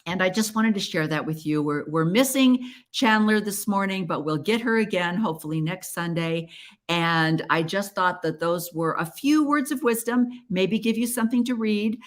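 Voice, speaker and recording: A woman's voice: mid-range voice, lively intonation, moderate pace. A woman hosting a podcast, talking in an earnest, chatty and encouraging way. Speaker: podcast host. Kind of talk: casual solo podcast talk.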